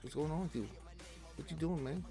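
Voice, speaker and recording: A man hosting a casual gaming livestream, greeting viewers by name and answering chat questions in a jokey, animated way. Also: fairly high pitch, brisk, soft background music. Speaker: livestream host reading chat.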